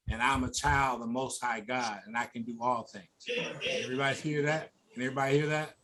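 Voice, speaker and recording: A man's voice: mid-range voice, fairly even intonation, fairly quick. A man leading a youth workshop, coaching the group with encouraging call-and-response. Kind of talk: motivational workshop talk. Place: conference room. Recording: loud background noise.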